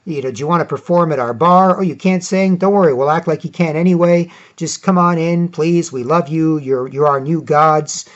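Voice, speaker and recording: Sugary gushing flatterer, pleading and over the top, a man putting it on, muffled lo-fi audio. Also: fairly high pitch, moderate pace, hardly any pauses, lightly acted. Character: gushing, overeager welcoming man. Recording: dull lo-fi audio.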